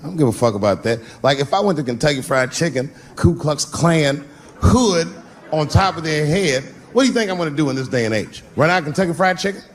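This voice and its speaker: A middle-aged man performing a loose, swaggering stand-up set, jumping to sudden high exclamations. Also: lively intonation, a little fast. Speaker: stand-up comedian. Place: large theater with audience. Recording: live crowd laughter, stage noise.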